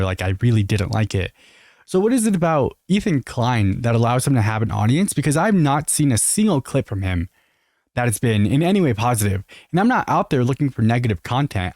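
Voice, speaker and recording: A man's voice: mid-range voice, a little mellow, no echo, studio quality. An American man giving earnest, opinionated reaction commentary, talking straight to his viewers. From United States. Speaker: commentary youtuber.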